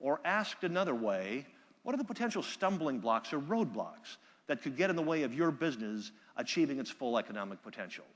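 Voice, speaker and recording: A man giving a live keynote speech from a conference stage, telling stories with energy and loud bursts when he quotes people. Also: mid-range voice, very animated, fairly quick, in a large hall. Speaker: keynote speaker. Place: large conference hall.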